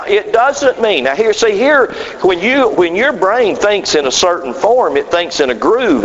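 Preacher in a reverberant church hall. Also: male voice, on the high side, lo-fi sound, a little hiss or hum. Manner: rhythmic, call-and-response with congregation. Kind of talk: sermon with Bible reading.

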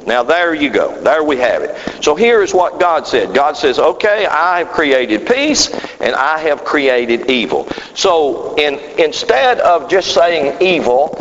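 A man's voice: on the high side, big pitch swings, measured pace, hardly any pauses, a bit bright, slight background noise. A man preaching a sermon, reading scripture aloud and leading his congregation in call-and-response with a rhythmic, building cadence. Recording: muffled, reverberant church hall.

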